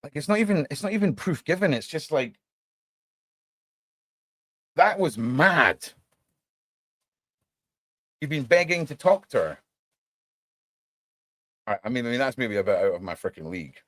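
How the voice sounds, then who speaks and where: A man's voice: medium pitch, measured pace, long pauses, dry recording. A man hosting a casual live stream, talking to his viewers, calling them mate and swearing now and then. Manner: animated, swears casually, addresses chat as mate. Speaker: livestream podcast host.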